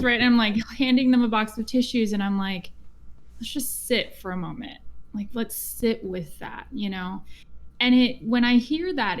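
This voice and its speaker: A woman who works as a therapist, chatting on a podcast in a soft-spoken, empathetic way. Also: medium pitch. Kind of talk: casual podcast chat.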